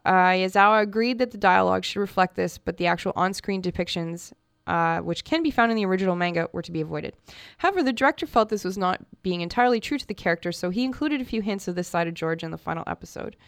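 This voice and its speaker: A woman's voice: fairly low pitch, expressive, quick pace, vocal fry, clear, resonant tone, no echo, studio quality. A woman hosting a radio show about comics, chatting casually and enthusiastically with fillers and restarts.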